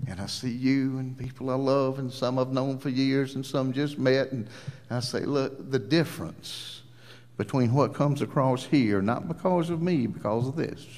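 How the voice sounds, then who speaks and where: A middle-aged male pastor preaches at an outdoor service. His voice sits in an ordinary middle pitch and carries a long, hall-like reverb. He repeats his lines for emphasis and acts out quoted conversations in a homespun way. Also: a little mellow. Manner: folksy, repeats phrases, quoting dialogue. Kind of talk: sermon with altar call and prayer.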